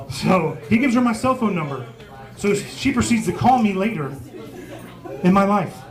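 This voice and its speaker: Brash, high-voiced stand-up comedian man. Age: 40s. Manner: brash, profane, self-mocking storytelling. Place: small pub comedy stage. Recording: live pub crowd noise. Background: crowd laughing.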